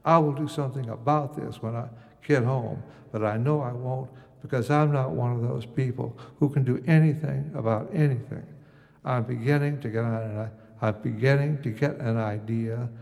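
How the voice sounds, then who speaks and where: Older man with a gravelly voice, musing. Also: on the high side, in a large hall. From United States. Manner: wry, musing, conversational. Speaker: storyteller. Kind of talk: first-person storytelling.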